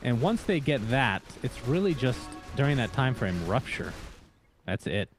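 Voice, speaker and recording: Lively male esports caster. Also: medium pitch, measured pace, music in the background. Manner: lively, chatty, laughs easily. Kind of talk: play-by-play esports commentary.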